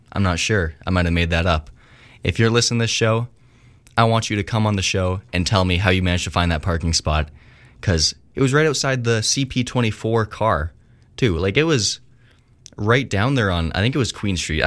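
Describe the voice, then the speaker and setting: Low-voiced rambling radio DJ man. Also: a bit bright. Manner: rambling, slightly slurred delivery. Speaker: radio host. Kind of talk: casual radio DJ chat.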